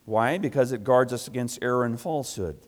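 A man preaching a sermon to a congregation, emphatic and repetitive, swinging between loud passages and hushed asides. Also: mid-range voice, a little fast.

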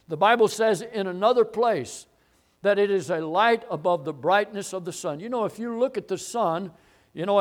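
High-voiced male preacher building emphasis. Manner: repeats phrases for emphasis, swells to loud declarations. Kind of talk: sermon, expository Bible teaching.

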